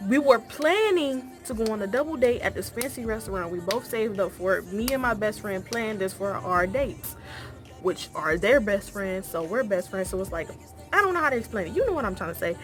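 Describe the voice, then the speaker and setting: Acting out each line of dialogue, a young woman's pitch climbs as she tells her story in a relaxed, animated way.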